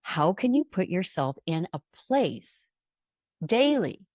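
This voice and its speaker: A woman's voice: fairly low pitch, dry recording, studio quality. A middle-aged woman hosting a motivational podcast, telling stories and acting out the people in them. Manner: animated storytelling, acts out quoted voices. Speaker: podcast host and coach. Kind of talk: motivational monologue.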